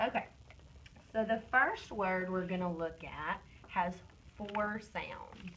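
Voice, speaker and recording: A woman's voice: on the low side, pushed and bright, a little hiss or hum, low-quality recording. Woman teacher doing phonics one on one, drags out the sounds, says very good a lot, phone cam audio. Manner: slow, drawn-out modeling of sounds and words; encouraging praise. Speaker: reading teacher. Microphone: phone camera.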